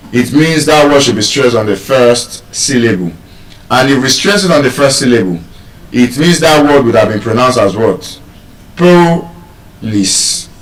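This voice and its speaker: A man with a Nigerian accent teaching English pronunciation, quizzing his listeners and calling for answers. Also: medium pitch. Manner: animated, asks the audience questions. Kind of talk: live pronunciation class. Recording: echoey room, mic at a distance.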